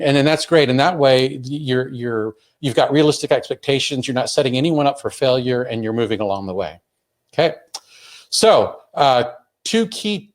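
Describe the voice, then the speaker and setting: An earnest man in the middle of an instructional talk. He lays out his points step by step, often restarting a sentence mid-thought as he explains. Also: medium pitch. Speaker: webinar presenter on emotional learning.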